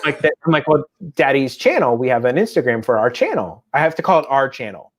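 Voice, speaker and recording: A man in his thirties co-hosting a casual chat show, telling animated family stories and slipping into quick impressions. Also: mid-range voice. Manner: chatty, animated storytelling with voiced impressions. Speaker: podcast co-host.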